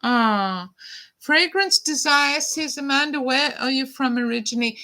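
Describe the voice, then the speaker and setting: A woman in her fifties hosts a casual live stream from a room at home. Her voice sits a little high and rings bright and forceful. She talks in a heartfelt, reflective way and reads viewer comments aloud. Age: 50s. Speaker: perfume vlogger hosting a live stream. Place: home room with a window open.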